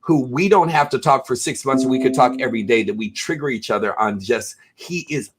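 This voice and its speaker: A man's voice: mid-range voice, a little fast. A man hosting a casual chat show over a video call, talking in long, rambling, effusive runs full of fillers. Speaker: host.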